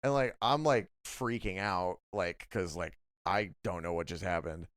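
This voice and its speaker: Low-voiced man rambling on a podcast. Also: a little slow, fairly bright tone, clean tone, no echo, clean studio sound. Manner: rambling storytelling full of "like" and swearing. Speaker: podcast co-host. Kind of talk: casual late-night chat.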